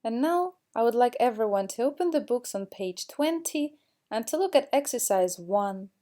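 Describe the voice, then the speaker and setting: A woman teaching English pronunciation, explaining slowly and acting out example questions with exaggerated rising and falling intonation. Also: a little high, lively intonation, warm tone. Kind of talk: slow classroom explanation with spoken examples.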